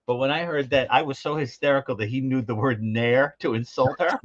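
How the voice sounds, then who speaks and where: A man's voice: medium pitch, brisk, no echo, lo-fi sound. A man co-hosting a call-in show, telling funny stories in casual chat and mimicking the people in them. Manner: animated storyteller, mimics voices, laughs often. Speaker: co-host.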